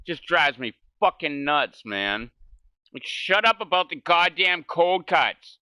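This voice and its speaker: A man's voice: on the high side, expressive, slow, bright, forceful tone, smooth, no echo. A man ranting casually and profanely while gaming, exasperated and swearing constantly. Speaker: gaming streamer.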